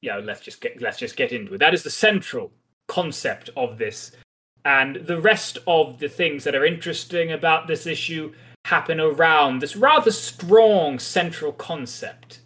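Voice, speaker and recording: Bright and forceful in tone, this man's fairly high voice moves a little slowly as he hosts a podcast. He walks through a comic conversationally, being reflective with a hint of wryness, in a relaxed discussion format.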